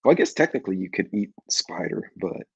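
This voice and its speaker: A middle-aged man hosting a casual live chat with viewers, telling rambling folksy stories and clearing his congested throat often. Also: deep voice, big pitch swings, fairly quick, no echo, muffled recording. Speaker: livestream host.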